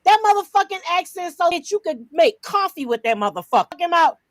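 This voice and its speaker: High-voiced brash woman ranting, dry sound. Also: very animated, quick pace, no echo, poor audio. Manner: loud, brash, profane ranting. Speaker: podcast co-host. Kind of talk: heated casual commentary.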